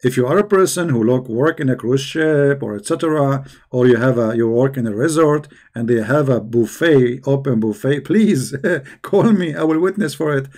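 A man hosting a call-in debate show, talking in a sarcastic, teasing way with many halting fillers. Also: mid-range voice, a little mellow. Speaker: host.

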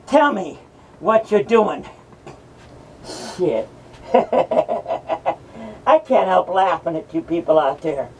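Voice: high-pitched, animated, measured pace, creaky, long pauses, distant mic, a little hiss or hum, full character voice, low-quality recording. A performer voicing a mocking male madman from hell who hosts a horror rant, taunting and cursing at the listeners. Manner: ranting, taunting, cackling, profane.

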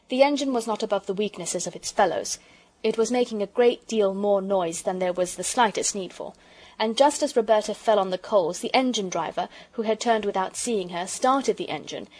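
A woman narrating a children's audiobook with a steady, expressive reading. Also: medium pitch. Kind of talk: storybook narration.

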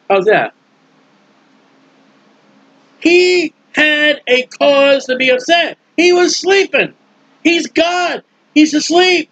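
A man preaching a casual, animated sermon, acting out the voices in his stories in colloquial speech. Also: extremely high pitch, drawn-out words, pauses often, low-quality recording. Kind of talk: sermon with acted-out scenes.

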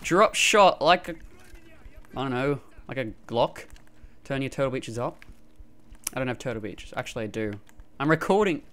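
Excitable man doing live gameplay commentary. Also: medium pitch, brisk. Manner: excitable, frequent yelps and laughs during fights. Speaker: gamer. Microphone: gaming headset.

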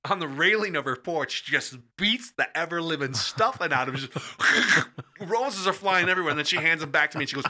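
A middle-aged man tells stories on a podcast with lively, acted-out dialogue. His voice is very bright and edgy and sits a little high. He swings his pitch and loudness whenever he slips into the people he quotes. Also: brisk. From Midwestern United States. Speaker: storyteller guest. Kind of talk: animated storytelling chat. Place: podcast studio.

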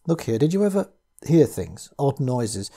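A man voicing a frightened, jumpy family man who speaks in nervous, halting bursts. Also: medium pitch, very animated, vocal fry, mellow, exaggerated voice. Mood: anxious.

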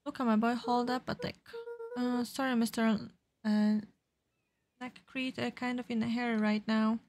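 A woman's voice: a little high, level tone, moderate pace, a little mellow. A woman casually reading game dialogue aloud as a let's play host, with fillers.

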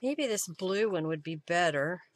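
A woman's voice: fairly low pitch, animated, measured pace, slight background noise. A woman hosting a live crafting stream, chatting casually as she thinks aloud while she works and thanks her viewers. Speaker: craft journaling host.

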